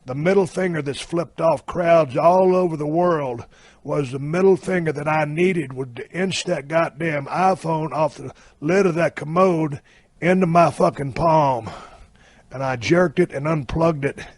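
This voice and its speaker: A man's voice: fairly high pitch, a little slow, no echo. A man in his fifties telling a story in a blunt, heavily profane, drawling way. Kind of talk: casual anecdote telling.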